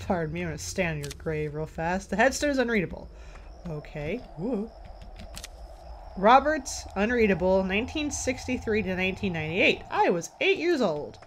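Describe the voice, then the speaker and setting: A woman's voice: mid-range voice, big pitch swings, moderate pace, slight background noise. A woman commentating a horror game as she plays, a little tired, jumpy and swearing as she jokes to herself. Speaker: let's play gamer.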